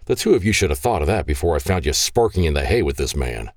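A man's voice: extremely low pitch, big pitch swings, fast, darkish tone, no echo, clean studio sound, full character voice. A man doing a furious, growling father. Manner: stern, growling, commanding. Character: furious protective father, gruff and commanding.

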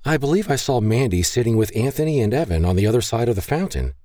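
A man voicing a gracious, warm woman doctor who speaks politely. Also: medium pitch, very animated, fast, dry recording, clean studio sound, pitched above the performer's own voice, close to an everyday voice.

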